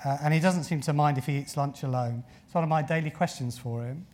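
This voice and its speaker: A man's voice: on the high side, fast talker, darkish tone. A man preaching a sermon in an earnest way, often repeating phrases and using filler words. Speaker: pastor.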